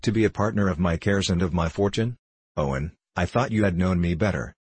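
A man's voice: low-pitched, brisk, slightly rough. A man reading a stern old merchant father. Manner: curt and commanding. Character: stern, proud older male merchant father.

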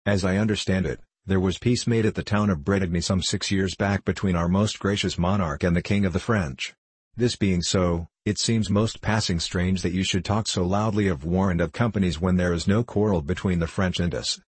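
Man playing an earnest young student, piping voice, polite, husky undertone. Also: sits low, steady tone, moderate pace, no echo. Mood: earnest questioning.

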